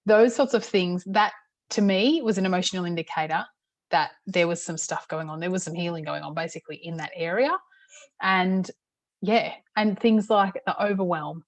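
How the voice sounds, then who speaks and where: A middle-aged woman, a parenting coach, teaching in a casual, chatty way with many "okay"s and a slightly hoarse throat. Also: fairly low pitch, fairly even intonation, fairly quick, dry recording. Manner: chatty, repeats "okay" often. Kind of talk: casual talk-to-camera teaching.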